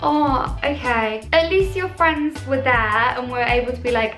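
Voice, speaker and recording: A woman's voice: sits high, normal speed, hardly any pauses, a bit bright. A young British woman chatting in a bubbly, self-deprecating way as she reacts to viewer confessions on her vlog. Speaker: YouTuber. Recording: echoey room with faint music.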